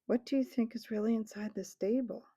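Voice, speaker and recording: A woman's voice: a little high, fairly even intonation, fairly quick, slightly rough, no echo, studio quality. A woman voicing an anxious young girl who whispers worried questions in a storybook reading. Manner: hushed, worried. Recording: dull lo-fi recording.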